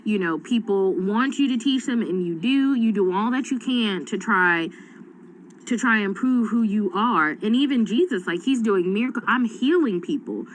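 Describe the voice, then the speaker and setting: Casting note: animated woman in her thirties, conversational Bible study, faint background hiss. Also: medium pitch, low-quality recording. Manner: animated, acts out voices in retelling. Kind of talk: casual Bible study chat.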